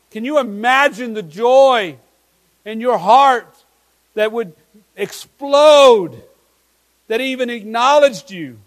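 A man's voice: very high-pitched, fairly bright tone, low-quality recording. A pastor preaching an earnest sermon to his congregation, asking his listeners many questions.

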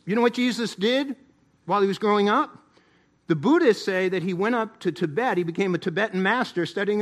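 A man preaching a sermon as pastor, building to emphatic declarations and then dropping low and slow to press a point.

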